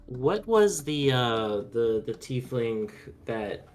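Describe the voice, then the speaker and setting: A man's voice: medium pitch, big pitch swings, slow, soft background music. Casual, unsure male player. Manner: casual, unsure, many fillers. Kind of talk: tabletop game chat.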